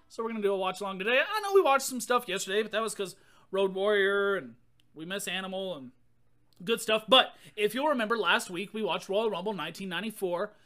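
Bright-voiced man in podcast banter. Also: sits high. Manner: laughing, loose banter. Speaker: podcast co-host. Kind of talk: casual chat.

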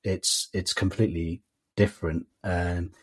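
A man's voice: low voice, level tone, a little slow, husky. A man guesting on a podcast, talking in a rambling, thoughtful way with many fillers. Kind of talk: casual podcast chat.

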